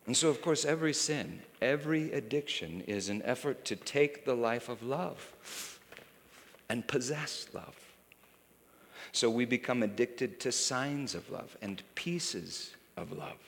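A man preaching a sermon with passion, dropping to a hush and then rising to a shout. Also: medium pitch, lively intonation, a little slow. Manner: impassioned, swinging from hushed to shouting. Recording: reverberant hall.

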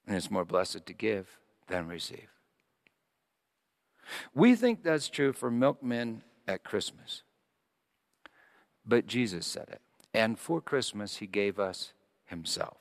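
A man's voice: takes it slowly, creaky, pauses often. A man preaching a sermon, dramatic and storytelling, in a church. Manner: dramatic, rising to high excited quoted voices. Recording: long reverb of a large hall.

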